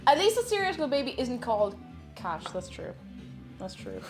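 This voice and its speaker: A woman's voice: fairly high pitch, huge pitch swings, moderate pace, soft background music. A woman chatting casually while she cooks on a live stream, giggly and talkative, reading out chat messages. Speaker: cooking streamer.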